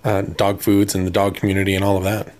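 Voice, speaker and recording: A man's voice: low-pitched, monotone, fast talker, darkish tone. A man hosting a casual podcast interview, playful and reactive. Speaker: podcast host.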